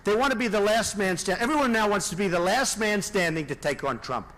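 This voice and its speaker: A presidential candidate giving a rambling, off-the-cuff rally speech, repeating himself and throwing asides to the crowd. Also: male voice, high voice, expressive, brisk, a bit bright. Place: large indoor rally venue.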